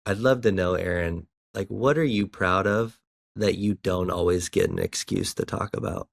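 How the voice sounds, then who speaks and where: Very deep gravelly man, host. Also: moderate pace. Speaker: podcast host. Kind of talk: interview questions.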